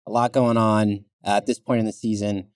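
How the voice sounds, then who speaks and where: A man co-hosting a sports podcast, talking in a relaxed, easygoing way with lots of "uh"s and "you know"s. His voice sits low. The close mic gives it a dry sound with no room around it. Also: brisk, dry recording. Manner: relaxed, filler-heavy, chuckles now and then. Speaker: podcast co-host. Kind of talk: casual sports chat.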